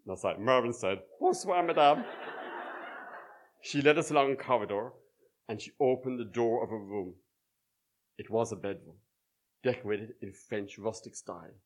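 Man, middle-aged, live storytelling, wry dry humour, stage mic, medium pitch. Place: small live venue with audience.

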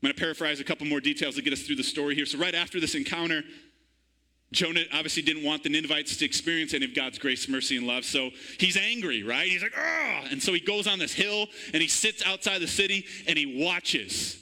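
A man's voice: fairly high pitch, quick pace, sharp tone, low-quality recording. A man preaching a sermon in church, calling out to the congregation for an amen. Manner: call-and-response preaching, asks congregation for amen. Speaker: pastor.

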